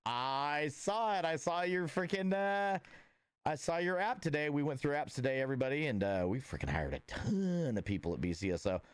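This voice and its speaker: A laid-back man chats with his livestream viewers in a smooth, resonant voice. The sound is dry and close, with no room echo. He meanders through thoughts with plenty of filler words and restarts. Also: fairly high pitch, animated, moderate pace. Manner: laid-back and friendly, greeting viewers by name. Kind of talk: casual livestream chat with viewers.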